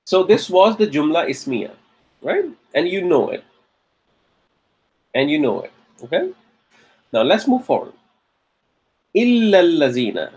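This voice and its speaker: A man teaching Arabic grammar in a classroom lecture, patiently checking in with frequent "okay?" and slowing down to stress key terms. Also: on the high side, big pitch swings, darkish tone, breathy edge.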